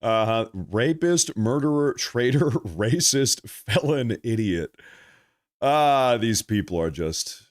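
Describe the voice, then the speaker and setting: A man's voice: mid-range voice, expressive, slow pace. A man hosting a live stream, giving blunt, opinionated commentary in a conversational way.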